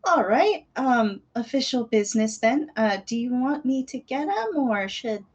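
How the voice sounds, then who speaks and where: A woman's voice: sits high, very animated, moderate pace, hardly any pauses, slightly rough, poor audio. A woman game master narrating a tabletop role-playing session in a playful manner, often breaking into laughter.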